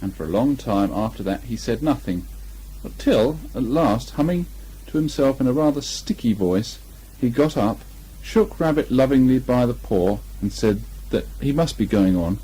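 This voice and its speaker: A man reading a children's story aloud in lively, expressive narration, on a muffled old tape. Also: mid-range voice, normal speed, slightly rough.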